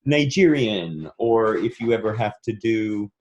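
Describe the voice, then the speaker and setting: A man from the United States, a voice and speech coach, explaining pronunciation in a relaxed interview and demonstrating vowel sounds. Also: on the low side, measured pace, lo-fi sound. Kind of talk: conversational interview answer.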